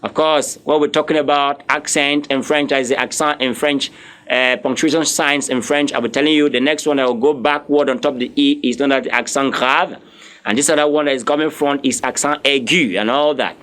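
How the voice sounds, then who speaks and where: A male French teacher, drilling vocabulary slowly and spelling words out letter by letter. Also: medium pitch, steady tone, a bit bright. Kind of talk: classroom lesson, drilling vocabulary.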